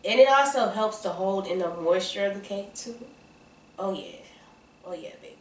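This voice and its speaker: Excitable Southern woman chatting in her kitchen. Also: medium pitch, moderate pace, distant mic. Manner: excitable, chatty, calls viewers y'all and baby. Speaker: home baking vlogger. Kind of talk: casual chat to camera. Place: home kitchen. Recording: roomy kitchen sound, off-mic.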